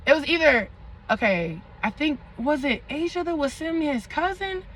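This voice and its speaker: A young woman vlogger tells a dramatic storytime with lots of slang and side comments to her audience. Her voice sits high and sounds sharp and bright. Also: moderate pace, slight background noise, rough recording. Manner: animated, dramatic storytelling with slang and asides to viewers. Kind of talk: storytime vlog.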